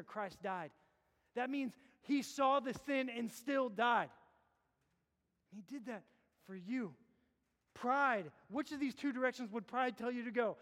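A man preaching a sermon as a pastor, impassioned, swinging between loud urging and low hushed appeals. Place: church sanctuary. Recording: long hall reverb.

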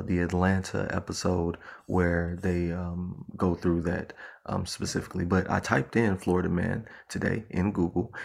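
A man's voice: low voice, gravelly, slightly rough. A man co-hosting a casual podcast chat, playfully reading out headlines and laughing easily. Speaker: podcast co-host.

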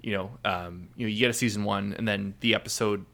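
Podcast co-host, male, low-ish bright voice, loose rambling delivery full of fillers. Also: steady tone, fast talker, vocal fry. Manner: rambling, many fillers and restarts. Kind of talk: casual chat.

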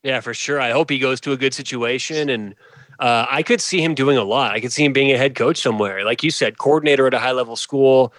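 A man's voice: medium pitch, fast, fairly bright tone, no room sound. A man co-hosting a sports podcast, chatting in an easygoing, agreeable way with some teasing. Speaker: podcast co-host. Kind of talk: casual sports chat.

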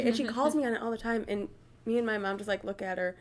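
A woman's voice: a little high, fairly quick, a little mellow. A young woman in casual podcast chat, telling stories and acting out quoted lines. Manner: storytelling, acts out quoted lines.

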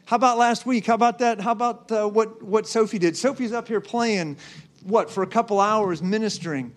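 High-voiced man preaching emphatically. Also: fairly quick. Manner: emphatic preaching with repeated rhetorical questions. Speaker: pastor. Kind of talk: sermon.

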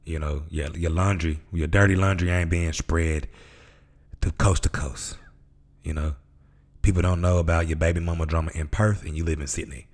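A Memphis, Tennessee man hosts a casual motivational podcast monologue, laid-back and slangy, acting out voices in his stories. His low-pitched voice holds a steady tone at a moderate pace.

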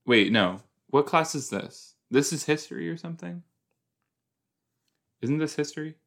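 A man's voice: fairly high pitch, expressive, normal speed, creaky, fairly bright tone. A young man hosting a casual watch-along podcast, rambling and chatty with joking asides. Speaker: podcast host.

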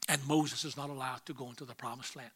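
A man preaching a sermon who reads scripture aloud and swings between quiet asides and loud emphatic rises. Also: medium pitch, fairly even intonation, quick pace, breathy edge. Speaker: pastor.

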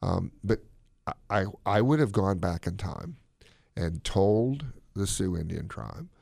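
A man co-hosting a podcast, talking his opinions in a casual, animated way. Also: low voice, a little slow, vocal fry, no echo. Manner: animated, opinionated, drops into playful put-on accents. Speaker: podcast co-host.

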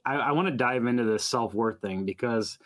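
A man's voice: mid-range voice, fairly quick. A man hosting a podcast interview, encouraging his guest to open up and keep talking. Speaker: podcast host. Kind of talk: casual interview chat.

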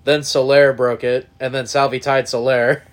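A man's voice: medium pitch, flat delivery, moderate pace. A young man co-hosting a casual sports podcast, joking and laughing at his own picks. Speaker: podcast co-host.

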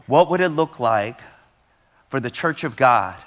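A male pastor preaching a sermon in a large church, telling a story softly and then raising his voice for emphasis. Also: animated, unhurried, slight background noise. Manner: storytelling, dropping soft and low for tender moments, rising loud for emphasis. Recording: long church hall reverb.

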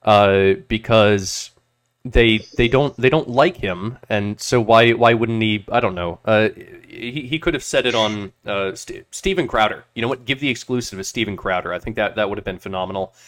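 A man's voice: on the low side, moderate pace, fairly bright tone. A man hosting a casual political podcast, talking hesitantly with constant filler sounds. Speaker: podcast host.

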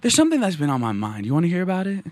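A young adult man hosts a casual, joking podcast from a college radio studio, rambling through playful stories into a studio microphone. His high voice swoops wildly in pitch, with a darkish tone and a rapid-fire delivery.

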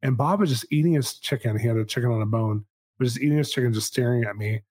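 A man in his forties with a mid-pitched voice recounts a personal story in a relaxed podcast chat. He talks in an animated, self-amused way and slips quick asides into the telling. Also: husky. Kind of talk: casual storytelling.

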